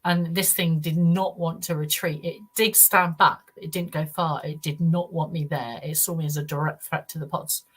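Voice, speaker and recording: A middle-aged woman, a guest on a podcast interview. She tells a first-person account earnestly, in a halting way with many restarts. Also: low voice, steady tone, breathy edge. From United Kingdom.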